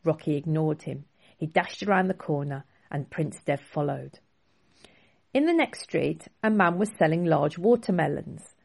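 A woman author reading her own children's book aloud in a clear, expressive storybook style. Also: low voice, a little slow.

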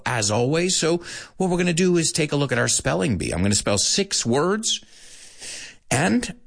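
Man, English teacher on a live stream, animated delivery, slow unhurried pace, playful, Spanish asides. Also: medium pitch, creaky. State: out of breath at times. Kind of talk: live-streamed language lesson.

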